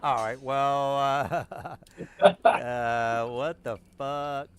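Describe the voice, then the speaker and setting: A man's voice: mid-range voice, steady tone, drawn-out words, smooth. A man narrating as game master, casual and profane with lots of fillers.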